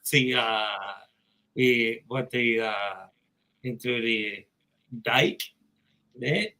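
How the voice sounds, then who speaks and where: A man casually chatting with his co-host, halting and restarting, playing along with the bits. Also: mid-range voice, steady tone, pushed and bright, poor audio. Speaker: podcast co-host. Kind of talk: casual chat.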